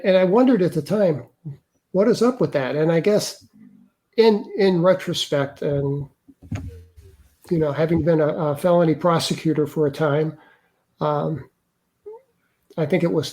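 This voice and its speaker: An older man, an interview guest, earnestly recounting a personal experience in a halting way with many restarts. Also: on the high side, a little mellow. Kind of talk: personal storytelling.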